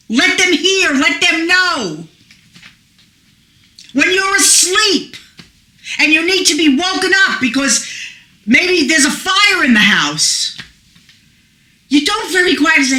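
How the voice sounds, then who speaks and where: A middle-aged woman preaching a fervent, emphatic sermon that rises to shouts. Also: high voice, animated, takes it slowly, pauses often. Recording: echoey room.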